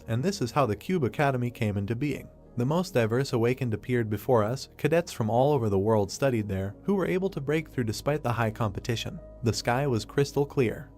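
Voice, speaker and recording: A man narrating a story recap script in a steady, even storytelling voice. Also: mid-range voice.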